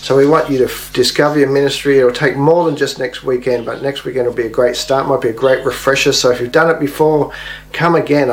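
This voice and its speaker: A man's voice: medium pitch, low-quality recording. A man speaking as a pastor in a recorded video message to his church, friendly and encouraging. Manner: friendly and encouraging, relaxed delivery.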